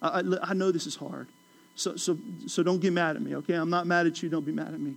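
A man's voice: fairly high pitch, fast talker, vocal fry. A man preaching a sermon, talking in a conversational way, repeating phrases for emphasis and acting out voices of biblical figures. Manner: animated, acts out playful voices of biblical figures. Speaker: pastor.

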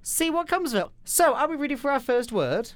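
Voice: high voice, very animated, brisk, no echo. Playful, teasing podcast host. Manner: playful, teasing, mock-serious. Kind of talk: casual podcast chat. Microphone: studio mic.

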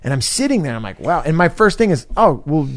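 Animated man telling a story. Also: a little high, fast. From California. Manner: animated, acts out quoted friends, swears freely. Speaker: comedian guest on a podcast. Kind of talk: casual storytelling chat.

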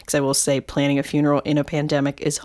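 Woman co-host, young adult, deep voice, candid and emotional, filler-heavy casual talk. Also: completely flat delivery, fast talker, darkish tone. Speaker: podcast co-host. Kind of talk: casual podcast chat.

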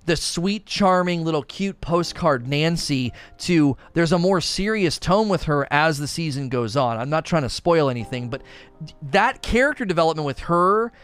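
A man in his thirties hosting a casual TV review chat, rambling with restarts and doing animated voices when retelling family moments. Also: on the high side, normal speed, clean tone. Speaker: show host reviewing TV.

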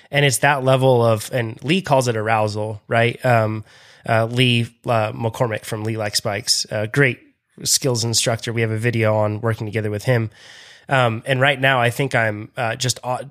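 A man co-hosts a podcast in casual conversation, talking loosely with lots of fillers and frequent laughter. His voice is medium-pitched with a fairly bright tone.

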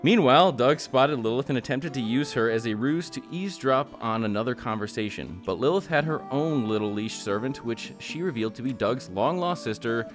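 A man's voice: medium pitch, lively intonation, brisk, few pauses, soft background music. A man hosting a tabletop game podcast as dungeon master, recapping the story in an upbeat way. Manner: upbeat recap, laughs with players.

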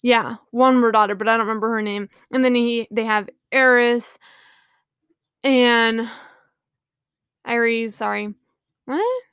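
A woman's voice: on the high side, fairly even intonation, unhurried, pauses often, fairly bright tone, clear, resonant tone, no room sound, studio quality. A woman casually retelling a mythology book on her podcast, rambling with many fillers and frequent apologies. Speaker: podcast host.

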